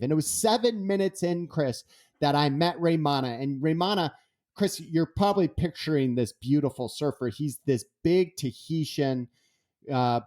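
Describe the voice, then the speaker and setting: A man's voice: on the high side, normal speed. A man, a guest author, telling stories in an interview and acting out the dialogue. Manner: animated, acts out dialogue. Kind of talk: storytelling in an interview.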